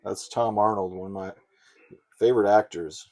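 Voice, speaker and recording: A man giving casual, sarcastic commentary while playing old console games, with loud outbursts. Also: fairly low pitch, fairly even intonation, normal speed. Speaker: gamer.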